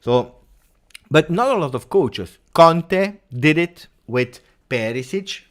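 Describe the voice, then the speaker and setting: A man's voice: on the high side, takes it slowly. A man from Italy with an Italian accent, hosting a casual fan-channel livestream and reading out viewer comments. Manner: animated, reads viewer comments.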